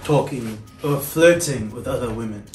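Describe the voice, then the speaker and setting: A man's voice: medium pitch, normal speed, heavy background noise, lightly acted. Guy playing a husband begging his wife, echoey, far from the mic. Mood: pleading. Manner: pleading, evasive, repeating "no". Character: meek, pleading young Nigerian husband. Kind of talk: parody sketch acting. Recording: roomy echo, mic far off, loud music.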